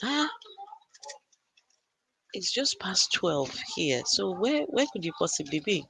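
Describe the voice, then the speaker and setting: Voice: mid-range voice, very animated, takes it slowly, gravelly, bright, forceful tone, breathy edge, dry recording, rough recording. An adult parent hosting a casual live stream from a gaming arena computer, chatting and greeting viewers by name. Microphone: arcade computer, no camera.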